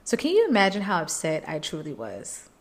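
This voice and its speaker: Woman telling an emotional story, lowish. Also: fairly quick. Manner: emotional, animated retelling, jumps high when quoting people; faith-filled, earnest. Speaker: podcast host. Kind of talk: personal storytelling.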